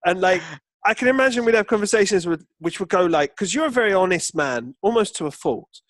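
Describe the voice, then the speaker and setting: High-voiced joking podcast co-host. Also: male voice, expressive, brisk, a bit bright, no echo. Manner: jokey, spins long comic scenarios. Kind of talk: casual chat.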